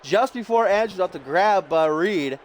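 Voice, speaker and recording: A man doing jokey, excitable play-by-play commentary over a wrestling video game, getting loud at the big moments. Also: sits high, moderate pace, slight background noise.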